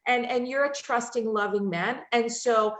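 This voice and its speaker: A woman's voice: fairly high pitch, normal speed, fairly bright tone, roomy sound. A woman hosting a talk show, speaking in long winding sentences that often end with "right?". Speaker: host. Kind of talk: casual conversation on a talk show.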